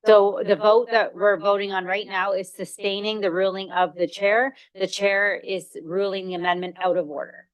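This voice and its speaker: A woman's voice: mid-range voice, flat delivery, normal speed, few pauses, no room sound, poor audio. Woman clerk reading off vote results, matter-of-fact, dry close sound. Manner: matter-of-fact, listing names. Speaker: city clerk. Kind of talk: reading recorded votes. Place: council chamber.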